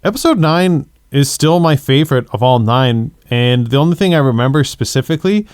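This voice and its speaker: A man with a smooth, clean voice chats about movies on a podcast in a thoughtful, easygoing way. His voice is recorded dry and close, with no room sound. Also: mid-range voice, animated, a little fast, a little mellow, no echo. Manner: thoughtful, agreeable, builds on the other host's points. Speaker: podcast co-host. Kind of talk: casual movie discussion.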